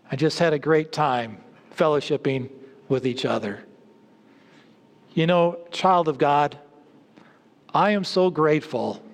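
Guy preaching a sermon, kinda high voice, repeats his points, big echoey hall. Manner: emphatic, repeats key phrases, addresses listeners directly.

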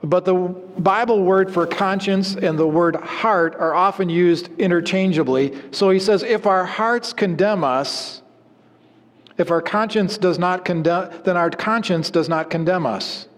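A man preaching a sermon in an earnest way, his voice dropping low at the ends of phrases. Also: measured pace, big-room sound. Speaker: pastor.

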